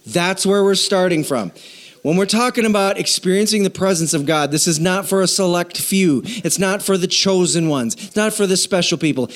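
A pastor with a high-pitched voice delivers a sermon to his congregation. He jokes with them, prompts them to call back, and shifts between quiet asides and loud, emphatic lines.

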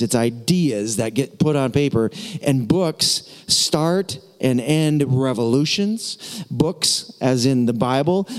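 A man's voice: on the high side, a little mellow. A man preaching a sermon as pastor, emphatic and repetitive, with casual asides to the congregation. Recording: long hall reverb.

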